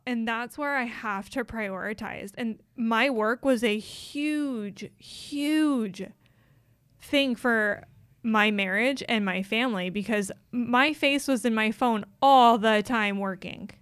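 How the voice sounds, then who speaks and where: Smooth-voiced woman, heartfelt podcast chat. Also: a little high, slow, a bit bright, no echo, clean studio sound. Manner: heartfelt, confessional, with many "like" fillers. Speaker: podcast co-host.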